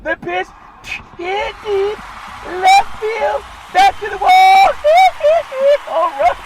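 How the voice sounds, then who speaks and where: A man putting on a shrieking falsetto pop-star impression to call a home run, with breathy squeals and giggles. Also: big pitch swings, slow pace, a little hiss or hum, full character voice, low-quality recording. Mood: excited.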